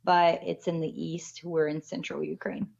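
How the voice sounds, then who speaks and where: A woman's voice: fairly low pitch, flat delivery, normal speed, creaky, darkish tone. Matter-of-fact woman on dull audio. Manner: matter-of-fact, corrects the host plainly. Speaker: missionary guest. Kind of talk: casual interview.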